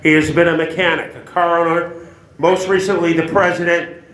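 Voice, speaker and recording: A man's voice: fairly high pitch, flat delivery, normal speed, a bit bright. A man hosting an awards ceremony, joking as he introduces the next speaker. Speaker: master of ceremonies. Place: banquet hall. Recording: echoey hall.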